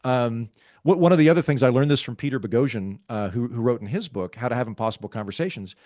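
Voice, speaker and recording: A man, a guest author in a podcast interview, explaining ideas in a wry, self-aware, calm and measured way. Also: medium pitch, no echo. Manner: talks calmly, measured.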